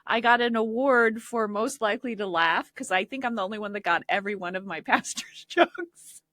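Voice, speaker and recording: A woman co-hosting a casual podcast chat, rambling through stories and laughing often and loudly. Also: medium pitch, a little fast, no echo. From Connecticut, USA. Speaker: podcast co-host.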